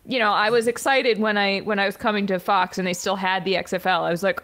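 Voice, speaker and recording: A woman co-hosts a sports podcast in an everyday mid-range voice. She talks quickly and jokes around, tossing in laughing asides. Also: mid-range voice, steady tone, fairly bright tone. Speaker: podcast co-host. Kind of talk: casual chat.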